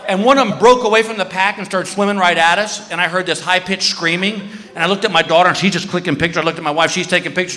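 A man doing stand-up storytelling on stage, loud and animated, acting out voices with yelps and shouts. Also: high voice. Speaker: stand-up comedian. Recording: live show in a hall with reverb.

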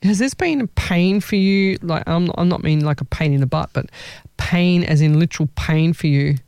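Psychic host, chatty and rambling, mellow tone, dry close sound. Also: mid-range voice, normal speed, clean tone, dry recording. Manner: chatty, rambling, restarts sentences. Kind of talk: live online psychic reading.

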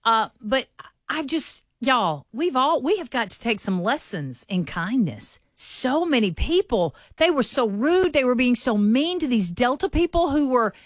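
Southern woman morning-show host, dry close mic, lively storyteller who talks to listeners as y'all. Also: a little high, a little slow, no room sound. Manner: chatty, animated, addresses listeners as y'all. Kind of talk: casual on-air storytelling.

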